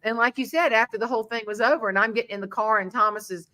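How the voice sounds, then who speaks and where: A woman hosting a relaxed interview chat, telling lively stories. Her voice is bright and forward. She slips into other people's voices as she goes. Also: on the high side, racing. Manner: animated storyteller, acting out voices. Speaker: podcast host.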